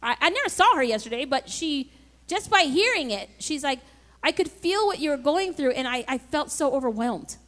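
Woman pastor with a high voice, preaching emphatically with call-and-response. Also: very animated, moderate pace, fairly bright tone. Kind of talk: sermon.

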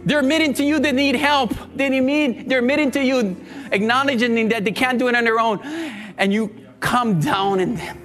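Man, pastor, very high voice, earnest pleading prayer, repeats phrases, faint background music. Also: normal speed, fairly bright tone. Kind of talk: sermon and altar-call prayer.

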